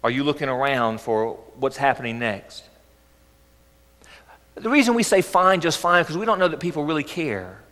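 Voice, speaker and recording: A man preaching a sermon as pastor, earnest and gently coaxing, often asking rhetorical questions. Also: medium pitch, expressive, normal speed, pauses often. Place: church sanctuary. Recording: echoey church hall.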